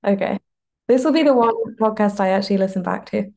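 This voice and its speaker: Gravelly young woman, laid-back. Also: medium pitch, fast, dark tone. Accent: mixed British-American. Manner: laid-back, rambling, trails off. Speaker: musician guest. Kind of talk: casual podcast chat.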